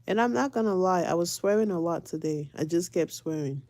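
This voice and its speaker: Woman, mother, casual vlog chat, low mellow voice, dry sound, repeats herself for emphasis. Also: animated, fairly quick, few pauses, no echo. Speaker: vlogger and mother.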